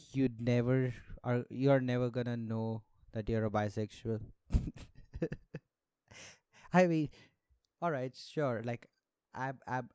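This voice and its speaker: A man's voice: mid-range voice, darkish tone, smooth, no room sound. A young man hosting a solo podcast, ranting sarcastically with plenty of swearing and frequent laughter. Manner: sarcastic, profane, laughs often. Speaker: podcast host. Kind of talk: casual solo podcast rant.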